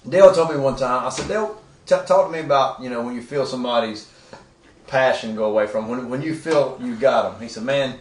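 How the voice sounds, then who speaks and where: A man's voice: mid-range voice, fairly quick, slight background noise. A man and former bouncer casually telling stories, quoting what others said to him. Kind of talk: casual storytelling. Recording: echoey room, mic at a distance.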